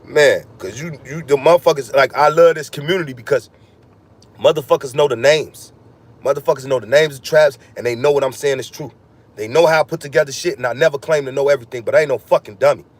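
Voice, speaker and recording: A man's voice: mid-range voice, quick pace. A man delivering a heated, profane, freewheeling podcast monologue, ranting and swearing constantly. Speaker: podcast host.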